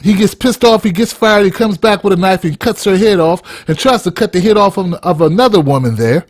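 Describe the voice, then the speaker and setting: A podcast host launches into a heated, blunt opinion rant laced with heavy swearing. His voice sits high and moves a little fast, captured in a dry recording with clean studio sound.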